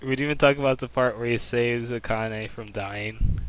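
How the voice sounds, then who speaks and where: A man's voice: medium pitch, steady tone, moderate pace, poor audio. A young man co-hosting a casual anime review chat, laid-back as he recaps the plot. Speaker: podcast co-host.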